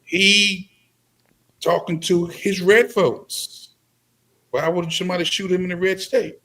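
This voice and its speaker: A man's voice: sits high, steady tone, a bit bright. A man speaking as a guest in a live-stream discussion, in a blunt, emphatic way. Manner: blunt and emphatic, deliberate delivery.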